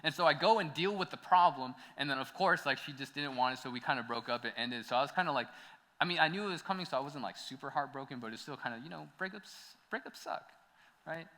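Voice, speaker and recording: In a church hall with long echo, this young American man preaches through a personal story, chatty and casual, peppered with "like" and laughter. His voice is medium-pitched, bright and pushed, and he talks fast.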